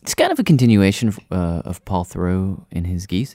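A male radio host narrating a story and interviewing a guest with curious, quick questions. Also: low-pitched, animated, darkish tone, no echo, clean studio sound.

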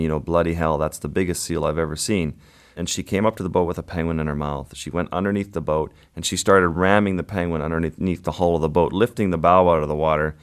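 A man, a guest photographer, recounting an encounter in a vivid, measured way during an interview. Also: low voice, smooth. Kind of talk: storytelling interview.

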